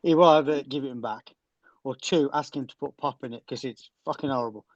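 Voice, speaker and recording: A man's voice: medium pitch, brisk, dull audio. A man talks casually on a podcast and makes his case with everyday examples. His voice sounds dry and close, with no room echo. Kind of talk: casual chat.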